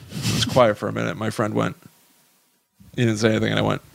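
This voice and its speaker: A man's voice: on the low side, completely flat delivery, quick pace, creaky, no room sound. A man co-hosting a podcast, chatting casually in a rambling way, full of "like" and restarts. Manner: rambling, many likes and restarts. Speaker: podcast co-host. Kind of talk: casual chat.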